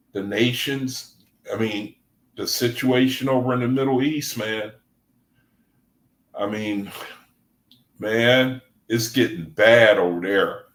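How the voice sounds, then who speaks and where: A man's voice: mid-range voice, gravelly, roomy sound, rough recording. A man leading a Bible study in a casual livestream talk. He speaks loosely and conversationally, often adding "man," and reads scripture passages aloud between his remarks. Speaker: Bible study group leader. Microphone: desk microphone.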